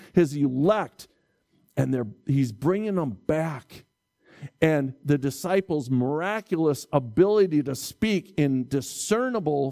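A man preaching a sermon, lively and expressive, acting out bewildered reactions and stumbling over Greek words. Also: a little high. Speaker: pastor.

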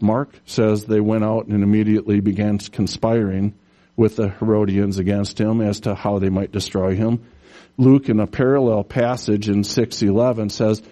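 A man preaching a sermon, animated, telling stories and putting on voices for the characters in them. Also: lowish voice. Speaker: pastor.

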